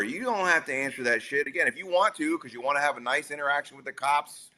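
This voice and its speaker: Male co-host, bright and forceful tone, blunt and matter-of-fact, casual swearing. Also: fairly high pitch, quick pace. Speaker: co-host explaining gun law. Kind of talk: casual podcast chat.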